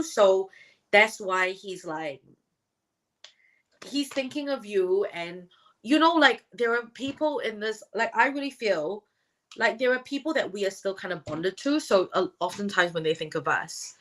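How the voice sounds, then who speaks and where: A woman's voice: mid-range voice, a bit bright. A young woman reading tarot on a live stream, chatting casually and slangily with viewers and swearing now and then.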